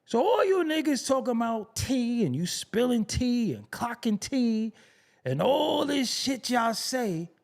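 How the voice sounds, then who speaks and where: A man with a New York accent rants to his stream audience, mocking and profane. His delivery is unhurried, with pitch that swings widely as he fires off rhetorical questions. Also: big pitch swings, gravelly. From Brooklyn, New York City. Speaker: show host. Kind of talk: unscripted rant to a live stream audience.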